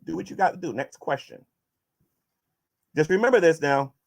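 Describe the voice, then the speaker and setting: A man answers viewer questions in a casual vlog and turns combative toward his critics, stumbling into restarts as he pushes his points. His voice sits somewhat high and moves around a great deal. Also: expressive, normal speed, creaky, a little hiss or hum. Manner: combative, addressing critics directly, many restarts.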